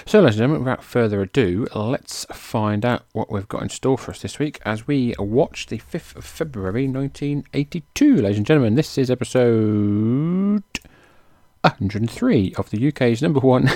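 A man's voice: medium pitch, expressive, a little fast, hardly any pauses, darkish tone, no echo, clean studio sound. A man hosting a podcast in a chatty, self-mocking way, now and then tripping over names. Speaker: podcast host. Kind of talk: casual podcast narration.

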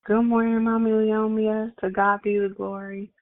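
A woman's voice: medium pitch, level tone, normal speed, no echo. Woman hosting a call over a phone line. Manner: warm, affirming, repeats praise phrases. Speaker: prayer call host. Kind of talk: casual phone call greetings.

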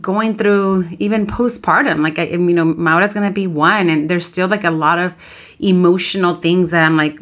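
A woman in her thirties, a mother of three, co-hosting a podcast and telling frank, lively stories while switching between English and Spanish. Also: fairly low pitch, normal speed. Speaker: podcast co-host. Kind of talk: casual chat.

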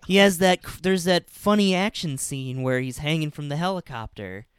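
A man's voice: fairly high pitch, moderate pace, clear, resonant tone, dry recording, studio quality. A young man in a casual movie chat, chiming in with short, joking remarks.

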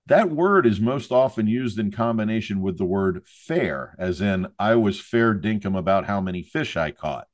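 A man's voice: on the low side, expressive, moderate pace, few pauses. A man hosting a fishing podcast, interviewing a guest and telling stories in a wry, self-deprecating way. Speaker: podcast host.

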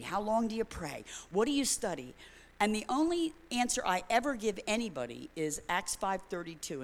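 Woman preaching in a reverberant hall. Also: lowish voice. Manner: conversational, emphatic, self-correcting. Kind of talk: sermon with personal stories.

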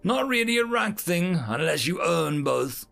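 A man voicing a blunt, proud male alien soldier who talks in a gruff, clipped military way. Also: high voice, very animated, a little slow, fairly bright tone, faint music behind, full character voice.

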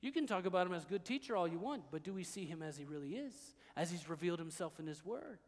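A high-pitched male pastor preaching a sermon in a church hall with a long, ringing reverb. He moves between soft, hushed stretches and loud, emphatic declarations. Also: animated, fast.

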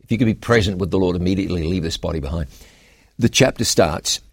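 A man with a fairly low voice, a pastor answering Bible questions with an earnest, preaching cadence. He reads scripture aloud and builds to emphatic points. The sound is dry and close, with no room around it. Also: fast, no room sound. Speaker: pastor and co-host. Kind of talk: Bible Q&A discussion.

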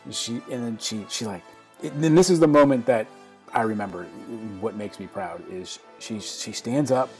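A man in his forties, a podcast co-host, chatting casually and telling a family story with halting starts and repeated words. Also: medium pitch, a little mellow, soft background music.

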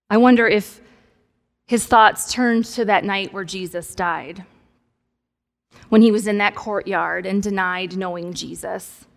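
A woman pastor preaching a sermon in a conversational, playful way with humorous asides. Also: mid-range voice. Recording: long hall reverb.

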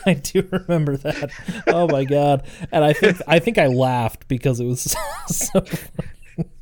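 Man, podcast co-host, mellow tone, loose rambling delivery with cursing. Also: on the high side, a little slow. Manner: swearing, rambling, laughs often. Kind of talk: casual chat.

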